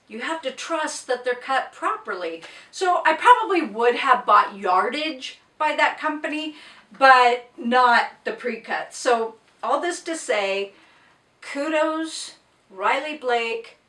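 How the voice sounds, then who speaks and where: A woman's voice: sits high, bright, forceful tone, reverberant, recorded from a distance. A woman vlogging casually about quilting, gushing and choked up with tears as she thanks a company. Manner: gushing, emotional, exclaims and gasps often. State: choked up, tearful. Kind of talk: casual unboxing vlog.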